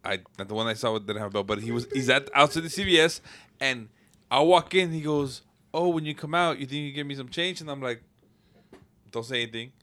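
A man's voice: mid-range voice, brisk. A man in casual podcast chat, telling profane stories and acting out the people in them. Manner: profane, animated storyteller who acts out dialogue.

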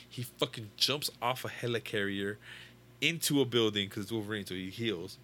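A young man with a fairly low but bright, forceful voice, rambling through a comic book plot in loose, casual chat. He swears freely and trips over fillers and restarts. A faint hiss sits under the recording. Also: expressive, a little fast. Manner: rambling, profane, filler-heavy storytelling. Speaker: comic book fan recapping a storyline.

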